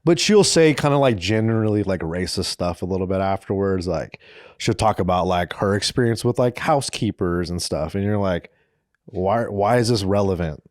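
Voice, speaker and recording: A man's voice: deep voice, moderate pace, a little mellow, no echo, clean studio sound. A man in his thirties casually telling a funny story as a podcast co-host, rambling and swearing freely.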